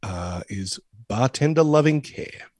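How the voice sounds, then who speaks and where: A man's voice: medium pitch, lively intonation, measured pace, a little mellow, no echo, studio quality. A man co-hosting a podcast in casual chat, joking dryly and stumbling into restarts as he talks. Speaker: podcast co-host.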